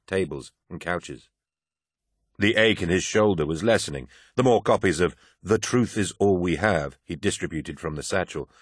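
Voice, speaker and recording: A man reads a novel aloud in a very low voice, measured and even. The recording is dry and close, with no room sound behind it. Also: no echo. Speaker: audiobook narrator. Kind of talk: scripted audiobook narration.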